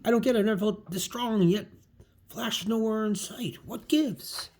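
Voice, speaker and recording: A man reading the lines of a young male superhero from a comic, talking in a brisk, excited inner monologue. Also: on the high side, a little hiss or hum, voice pushed up, close to an everyday voice. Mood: alarmed.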